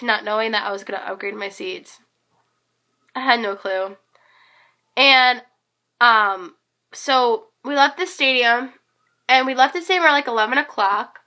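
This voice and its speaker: A teenage girl with a hoarse voice, rambling and gushing in a casual vlog recap, full of fillers. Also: on the high side, pushed and bright. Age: teens. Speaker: concert fan vlogger.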